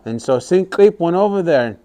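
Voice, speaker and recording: A man telling a story to a class of young children, animated and often asking them questions. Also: fairly high pitch, normal speed.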